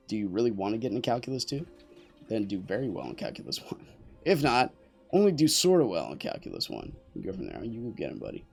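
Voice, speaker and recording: A man's voice: on the low side, vocal fry, a little mellow. A young man chatting casually to his stream while playing, rambling and joking with viewers and teammates. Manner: rambling, jokey, talks to chat and teammates. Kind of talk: casual gameplay commentary.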